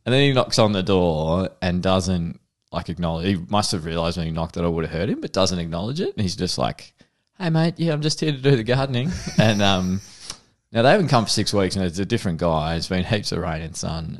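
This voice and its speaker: Low-voiced male podcast co-host, casual anecdotes, quick to laugh. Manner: storytelling, laughing often. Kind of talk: casual chat.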